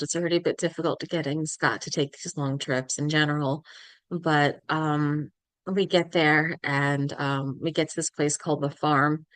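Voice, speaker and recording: A young woman speaks as a podcast guest, with a lowish, smooth and resonant voice. Her storytelling is halting and emotional, and she acts out the voices of the people she quotes. The recording is dry and close. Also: fairly bright tone, no room sound. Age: young adult. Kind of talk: casual interview storytelling.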